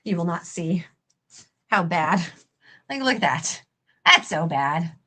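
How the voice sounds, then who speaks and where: A woman's voice: lowish voice, very animated, slow pace, bright, forceful tone, a little hiss or hum. A woman hosting a crafting livestream, chatting casually and self-deprecatingly while she works on a costume. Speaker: livestream host and prop maker.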